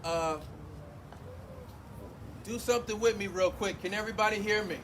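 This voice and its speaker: A man's voice: high voice, normal speed, fairly bright tone. A man speaking emotionally at an outdoor community forum, projecting his voice and addressing the crowd directly. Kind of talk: impassioned public speech. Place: outdoors at a street gathering. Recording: outdoor noise behind the voice.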